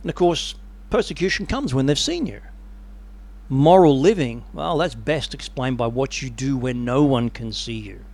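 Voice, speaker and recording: A man preaching a sermon with animated, dramatic storytelling. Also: mid-range voice, normal speed.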